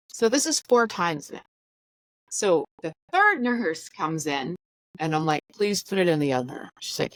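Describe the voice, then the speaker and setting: A woman casually telling a personal story, chatty and animated, acting out the lines of the people in it. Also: lowish voice, normal speed, no room sound, rough recording. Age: adult with school-age or older children. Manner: chatty, animated, acts out dialogue. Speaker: podcast host sharing her story.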